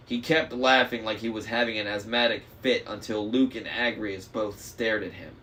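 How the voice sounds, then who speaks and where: A man reading a novel aloud in first person on a live stream, steady with small slips. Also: fairly low pitch, normal speed, few pauses. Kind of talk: audiobook reading. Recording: faint noise, slightly distant mic.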